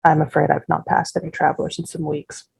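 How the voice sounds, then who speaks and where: A woman reading the lines of a quiet, polite young male war veteran looking for farm work. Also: low voice, little pitch movement, brisk, vocal fry, breathy edge, dry recording, heavily acted. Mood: plain. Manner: soft, polite, humble.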